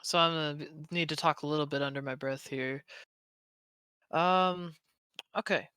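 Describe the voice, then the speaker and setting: A player in a tabletop role-playing game, talking casually and haltingly with stammered repeats. The voice is smooth and resonant, mid-pitched, in a dry sound. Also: steady tone, sharp tone, no echo.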